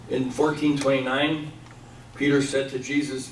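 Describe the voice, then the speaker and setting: A man's voice: mid-range voice, flat delivery, moderate pace, a little hiss or hum. Man lecturing in an echoey church hall. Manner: asks the room questions and answers them. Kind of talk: Bible study lecture. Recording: echoey room, mic at a distance.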